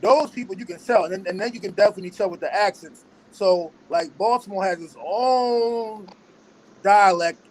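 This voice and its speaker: High-voiced man rambling in casual chat. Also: normal speed, a little hiss or hum, low-quality recording. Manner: rambling, repeats and restarts phrases. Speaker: podcast host.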